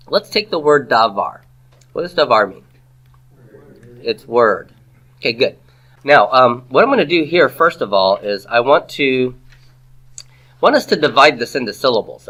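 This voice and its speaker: A man's voice: medium pitch, fairly bright tone. A man giving a classroom grammar lecture, patient, asking the class questions and repeating their answers. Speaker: Hebrew grammar teacher.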